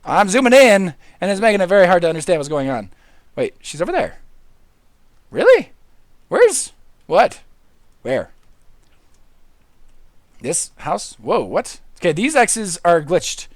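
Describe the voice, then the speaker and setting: A man livestreaming a video game, hyper and goofy, jumping from loud squealing outbursts to mumbled asides. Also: high-pitched, huge pitch swings, unhurried, long pauses, dry recording, clean studio sound. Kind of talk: excitable gaming livestream chatter.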